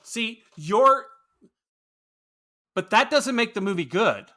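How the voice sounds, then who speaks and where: Bright, animated man arguing about movies. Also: sits high, takes it slowly. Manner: animated, opinionated, swears freely. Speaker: podcast co-host. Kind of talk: casual movie review chat.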